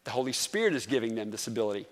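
A man's voice: mid-range voice, big pitch swings, racing, in a large hall. A man from North Carolina with a Southern accent, preaching a sermon as pastor in a conversational way and putting questions to the congregation. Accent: Southern American, North Carolina.

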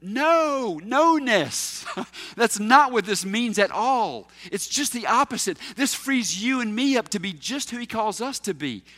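A man delivers a sermon with an emphatic, teacherly manner, firing rhetorical questions at his listeners. His voice sits high and sounds bright, with lively swings in pitch. A long reverb from the hall trails after his words. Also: moderate pace. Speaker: pastor.

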